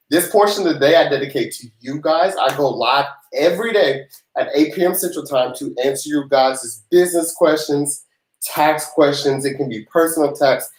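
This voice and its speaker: A man who grew up in the South, hosting a casual live-stream Q&A as a tax professional, chatty and joking with loose laughter. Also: medium pitch. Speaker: tax professional livestream host. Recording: roomy echo.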